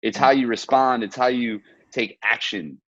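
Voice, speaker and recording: A man hosting a relaxed conversation, earnest and reflective, slipping into little stories. His voice sits at an ordinary pitch. The sound is dry and a bit dull, like a lo-fi home setup. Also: normal speed, dry recording. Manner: earnest, reflective, storytelling with quoted asides. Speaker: podcast host. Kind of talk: casual video-call conversation.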